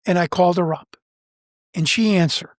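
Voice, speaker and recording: A man from Chicago, a guest researcher, telling a story in an animated way, full of restarts and acted-out quotes. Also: high-pitched, normal speed, no echo, clean studio sound. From Chicago, United States.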